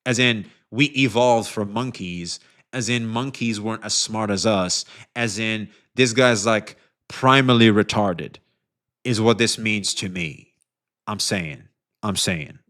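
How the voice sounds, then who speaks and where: A man's voice: on the low side, slow. Rambling, foul-mouthed male streamer. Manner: rambling and profane, full of fillers, often trailing off quieter. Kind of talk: casual stream commentary reacting to online drama.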